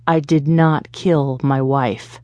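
A woman voicing a menacing, angry middle-aged male politician who speaks slowly and low. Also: steady tone, a little mellow, no echo. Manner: slow, low and threatening.

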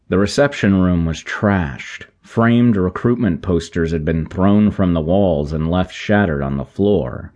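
A man narrating an action sci-fi audiobook in a measured, even way. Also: sits low. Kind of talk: scripted narration.

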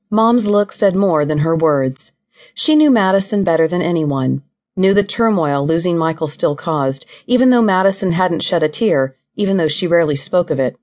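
A woman narrates an audiobook in a low, steady voice. Her storytelling is even and measured, carrying the scene along without hurry. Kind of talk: scripted narration of a novel.

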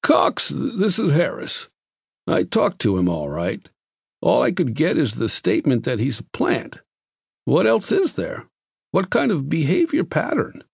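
A man's voice: a little high, wildly swooping pitch, a little slow, creaky, husky, dry recording, studio quality, pitched above the performer's own voice, exaggerated voice. A male narrator voicing an insistent, curious army doctor who presses with questions. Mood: probing.

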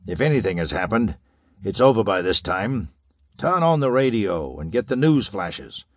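A man voicing a heavyset, commanding middle-aged man with a deep, authoritative way of speaking in an audiobook. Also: very animated, normal speed, no room sound.

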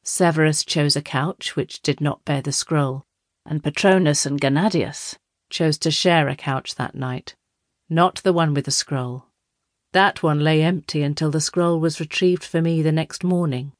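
An aging emperor musing aloud in an easy, conversational way, read by a woman. The voice sits low and sounds close and dry. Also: no echo. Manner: conversational, unhurried.

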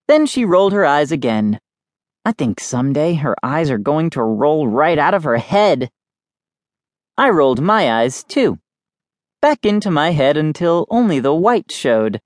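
A man's voice: fairly high pitch, big pitch swings, measured pace, no room sound, studio quality. A man narrating a children's storybook in the first person, in a playful, jokey kid-like voice. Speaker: audiobook narrator. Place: studio. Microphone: close studio mic.

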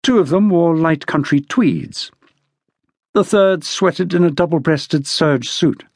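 Give me a male audiobook narrator with a husky, fairly high and animated voice. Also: no room sound, studio quality. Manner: measured, expressive storytelling. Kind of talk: scripted narration.

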